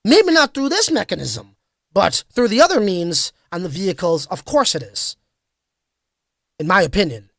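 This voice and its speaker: A man's voice: high voice, very animated, normal speed, creaky, fairly bright tone, no echo. A man hosting a casual crypto livestream, talking loosely and reading out viewer comments. His delivery is slangy and hyped, full of fillers and restarts. The sound is dry and close, with no room around it. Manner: casual, slangy, hype-driven with frequent fillers.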